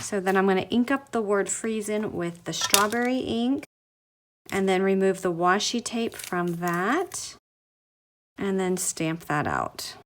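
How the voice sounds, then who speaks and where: A woman's voice: mid-range voice, a bit bright. Chatty woman demonstrating a craft project. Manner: chatty, gushing over cute results. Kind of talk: step-by-step craft tutorial.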